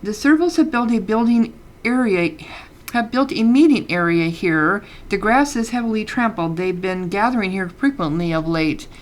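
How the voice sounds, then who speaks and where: A woman's voice: medium pitch, expressive, moderate pace. A woman casually commenting on a game she is playing, chatty and reading the game text aloud between fillers. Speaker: let's play gamer.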